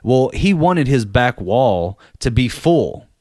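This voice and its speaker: A man's voice: mid-range voice, big pitch swings, slow, warm tone, no room sound, clean studio sound. A young man telling a story about an old job, blunt and swearing, in casual podcast chat. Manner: blunt, profane, conversational.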